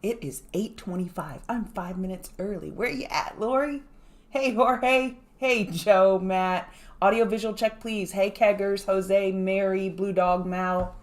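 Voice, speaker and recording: Upbeat woman on a trading stream, shouting out chat names, explaining markets casually, mid-pitch voice. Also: a little slow. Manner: greets chat viewers by name, upbeat and chatty; explains market moves conversationally. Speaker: trading livestream host.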